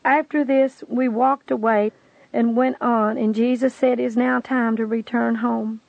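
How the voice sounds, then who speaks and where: A woman's voice: on the high side, level tone, measured pace, gravelly, dry recording, muffled recording. A woman giving an earnest, pleading testimony, telling her story and urging the listener to believe. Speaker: testimony speaker. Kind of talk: preached testimony narration.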